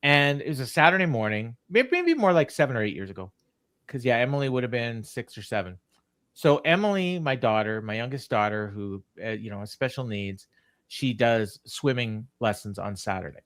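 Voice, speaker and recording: A man's voice: mid-range voice, animated, normal speed, fairly bright tone, no room sound, studio quality. A middle-aged man, co-hosting a casual podcast and telling long stories full of ums and restarts. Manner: rambling storyteller, many ums and restarts. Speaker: co-host.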